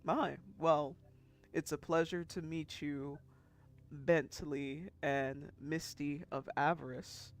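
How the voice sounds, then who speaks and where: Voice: mid-range voice, fairly even intonation, pitched below the performer's own voice. GM voicing courtly male foreign traveler. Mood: polite. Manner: courtly, measured speech.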